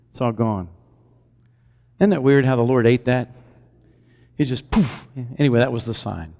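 A man's voice: mid-range voice, darkish tone. A male pastor delivers a sermon, slipping into casual storytelling and putting questions to his congregation. His voice sits in a middle register, and a long reverb trails after him in the large church hall. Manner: preaching with call-and-response questions to the congregation; conversational storytelling. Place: church sanctuary.

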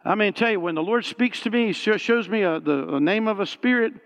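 A man preaches from personal testimony, his voice sitting high for a man. He tells the story with animated swings and climbs into shouted praise at its peaks. The recording sounds dull and lo-fi. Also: brisk, long reverb tail. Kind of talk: sermon testimony.

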